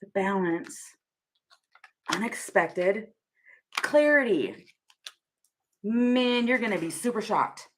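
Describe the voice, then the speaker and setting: A woman's voice: mid-range voice, lively intonation, slow pace, long pauses, slight background noise. A young woman giving a casual tarot reading to camera, rambling and laughing often as she thinks aloud. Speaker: tarot reader.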